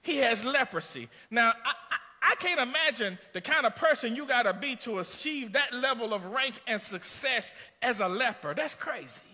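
Bright, high-pitched preacher man in a hall. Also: expressive, normal speed, hardly any pauses. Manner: storytelling preacher, building to shouts. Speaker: pastor. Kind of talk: sermon.

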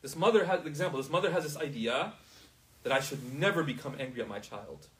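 A man's voice: fairly high pitch, animated, a little fast, a bit bright, far from the mic, low-quality recording. A man teaching a class in a casual, conversational way, often checking whether his students understand.

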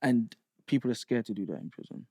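A man's voice: medium pitch, fast talker, breathy edge. A man, telling stories in casual podcast chat and acting out the voices of other people. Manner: animated storytelling, acts out voices of inmates.

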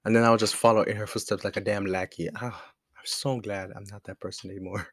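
A man's voice: on the low side, level tone, quick pace, fairly bright tone, no echo, clean studio sound. A young man at home telling a casual, rambling story about a past friendship. He swears freely and laughs often in a laid-back way. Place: at home at a desk with a laptop.

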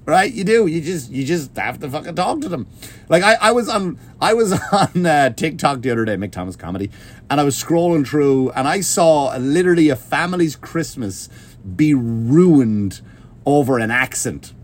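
A man's voice: fairly high pitch, normal speed. An Irish man and stand-up comedian, ranting animatedly and swearing as he tells a story. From Ireland. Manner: animated, swearing, laughing through his words. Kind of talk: profane comedic rant.

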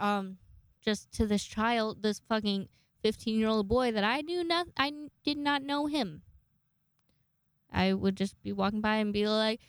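On a dry recording, a young woman speaks in a smooth, medium-pitched voice at a moderate pace. As the host of a laid-back podcast, she spins meandering, foul-mouthed, self-deprecating stories.

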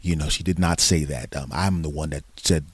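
A man's voice: very deep voice, steady tone, brisk, slightly rough, dry recording. A middle-aged man hosting a podcast, telling a story in a rambling, self-deprecating way with lots of restarts. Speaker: podcast host. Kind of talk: casual storytelling monologue.

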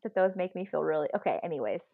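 Talking very fast in a deep voice with vocal fry, this woman co-hosts a podcast and tells stories with animation and frequent laughter in a loose, laughing chat. The audio is narrow and tinny, without echo.

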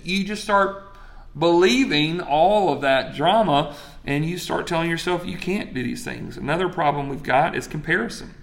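A man's voice: fairly high pitch, moderate pace, fairly bright tone. A man, preaching a sermon in a conversational way and asking the crowd questions. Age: 40s. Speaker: pastor.

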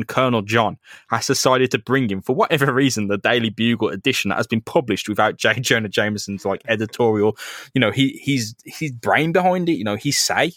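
A man's voice: mid-range voice, fairly bright tone, no room sound. A man co-hosting a comic book podcast, laughing as he recaps the story into a close microphone. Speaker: podcast co-host. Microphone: close studio mic.

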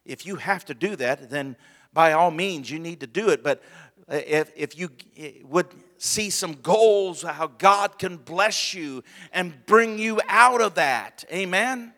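A male pastor preaching a sermon in a relaxed, conversational way, asking for amens and chuckling with his congregation. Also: on the high side, unhurried. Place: church sanctuary. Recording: long church hall reverb.

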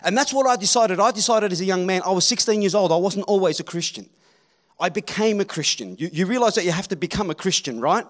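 High-voiced preacher. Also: male voice. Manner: animated, rallying the crowd, swings from loud to hushed. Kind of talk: sermon.

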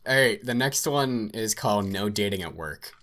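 Lively man reacting in casual chat. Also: lowish voice, moderate pace. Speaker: podcast co-host.

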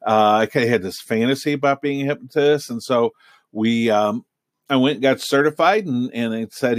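A man's voice: medium pitch, fast, no echo. Middle-aged male storyteller, casual and rambling, mid-range voice, dry recording. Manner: rambling, many fillers and restarts. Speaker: hypnotist and podcast host.

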